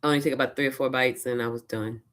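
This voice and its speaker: Very low-voiced woman telling a story. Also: rapid-fire. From Louisiana. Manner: chatty, animated retelling with quoted asides and laughs. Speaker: vlogger. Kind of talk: casual personal storytelling.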